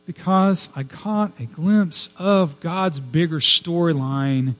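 A man's voice: a little high, slow pace, hardly any pauses, a bit bright. A man preaching a sermon as a pastor, telling personal stories with casual asides and building to fervent emphasis on his main points. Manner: conversational, digressive storytelling with personal asides.

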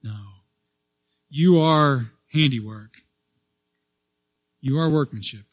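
A male pastor preaching a sermon in a slightly raised voice. He swells loud on key words, then falls soft, often circling back to restart a phrase. The sound is close and dry, with little room echo. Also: fairly high pitch, lively intonation, slow, pauses often. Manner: repeats and restarts phrases as he speaks.

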